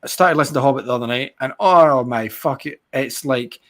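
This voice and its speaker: A man co-hosting a podcast, chatting casually in an excitable, sweary and rambling way. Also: mid-range voice, a little fast. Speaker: podcast co-host. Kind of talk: casual chat.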